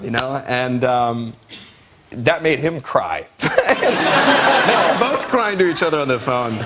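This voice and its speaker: A man guest on a talk show, telling an anecdote in an animated way with fillers and laughter. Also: medium pitch, slow pace, slight background noise.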